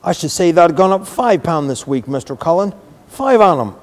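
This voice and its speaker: A man reading aloud, voicing a hoarse, stubborn old gardener in a storybook. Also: fairly high pitch, big pitch swings, moderate pace, long reverb tail, voice pushed up. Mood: gruff.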